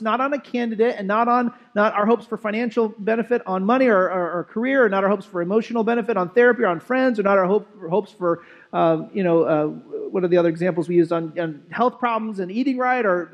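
Male pastor, high voice, relaxed conversational sermon in a church. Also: dull audio. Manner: conversational, asks the congregation "right?". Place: church sanctuary.

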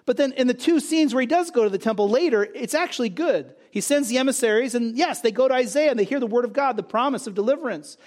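A man's voice: very high voice, expressive, fast, hardly any pauses, darkish tone. A man preaching a sermon, emphatic, asking and answering his own rhetorical questions. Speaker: pastor.

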